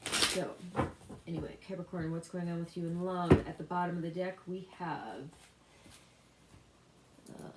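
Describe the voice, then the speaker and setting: A woman giving a casual spiritual tarot reading, rambling with loose asides and self-interruptions. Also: fairly low pitch. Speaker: tarot reader. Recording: echoey room with loud background noise. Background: card shuffling clicks.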